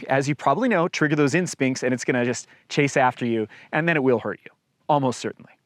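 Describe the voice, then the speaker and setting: A man chats easily to camera with a mid-range voice, giving practical outdoor safety advice. His delivery is relaxed and conversational, with a touch of dry humour. The recording is close and dry, with no room sound. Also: medium pitch, dry recording. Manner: relaxed, conversational, lightly joking. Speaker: outdoor guide and vlogger. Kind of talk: casual explanatory talk to camera.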